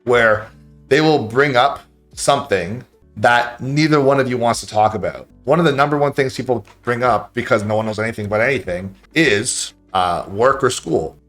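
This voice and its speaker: A man's voice: medium pitch, fairly bright tone. A man livestreaming blunt, profane dating advice in a casual rant, with faint music in the background. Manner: blunt, profane, rapid-fire. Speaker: livestreamer and game coach.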